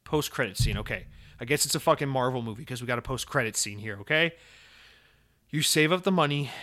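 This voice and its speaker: A man hosting a casual gaming podcast, talking in an animated way with plenty of swearing and sudden exclamations. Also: mid-range voice. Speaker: podcast host.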